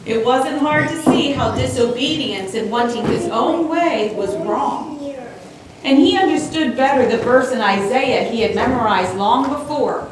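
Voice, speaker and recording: A woman reading a suspenseful children's story aloud in a church, with expressive storytelling. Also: sits high, a little slow, crowd noise. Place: church sanctuary. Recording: very echoey hall, distant mic.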